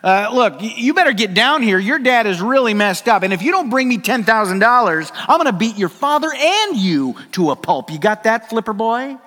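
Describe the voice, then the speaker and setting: A man playing an angry driver who yells insults and threats in a joke told from the pulpit. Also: high-pitched, very animated, moderate pace, hardly any pauses, big-room sound, voice pushed up, exaggerated voice. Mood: furious. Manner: loud, shouting insults. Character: irate male driver, bullying and threatening.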